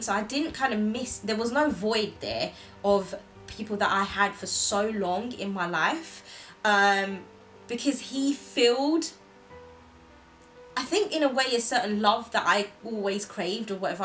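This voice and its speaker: A chatty young woman with a higher-pitched voice shares a personal story with her camera, vividly imitating what other people said. She is a vlogger, and the recording quality is low.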